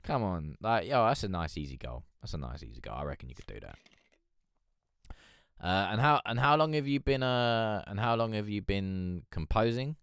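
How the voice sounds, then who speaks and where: Deep man, droll Eeyore voice. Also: sing-song, moderate pace, a bit bright, clean tone, no room sound, studio quality. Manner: chatty, swearing, laughing, reading chat aloud. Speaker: livestream host. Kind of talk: casual live-stream chat.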